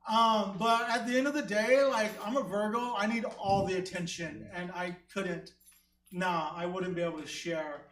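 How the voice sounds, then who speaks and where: A man's voice: high-pitched, fairly even intonation, moderate pace, fairly bright tone, a little hiss or hum. A male stand-up comedian rambling through a story with lots of fillers on a comedy theater stage. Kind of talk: casual onstage banter. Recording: echoey room, mic at a distance.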